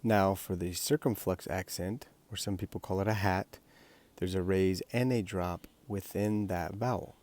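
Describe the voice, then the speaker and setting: A man's voice: deep voice, darkish tone. A man explaining a writing exercise step by step, in a patient instructional manner. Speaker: language teacher.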